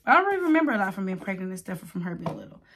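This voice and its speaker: A woman, telling a casual story while getting ready, lively and acting out other people's voices. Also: mid-range voice, racing, a little hiss or hum. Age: late 20s. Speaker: vlogger.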